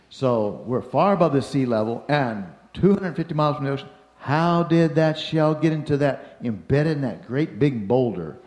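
An older man telling a personal story in an animated way, acting out the voices and shouts of the people in it. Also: mid-range voice. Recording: roomy echo.

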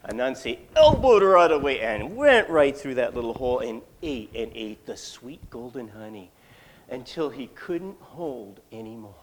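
A storyteller telling a folktale live, folksy and animated with rambling asides. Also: mid-range voice, a little hiss or hum.

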